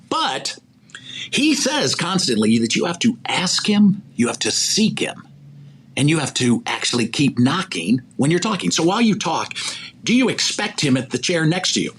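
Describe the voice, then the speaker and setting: A man, a sports executive recruiter and podcast guest, talking in a preachy, animated way about faith and asking rhetorical questions. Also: a little high, a little hiss or hum. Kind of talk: faith-centered motivational conversation.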